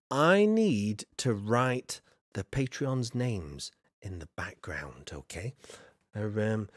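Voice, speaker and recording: In a casual livestream, a man chats with viewers while building in a game, rambling with many fillers and trailing asides. His voice is medium-pitched, and the recording is dry with clean studio sound.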